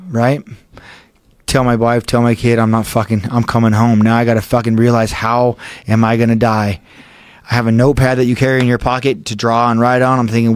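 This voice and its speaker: A man's voice: medium pitch, flat delivery, brisk, clean tone, no room sound. Male podcast guest, intense profane storyteller, dry mic sound. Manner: profane, breathless retelling of a panic.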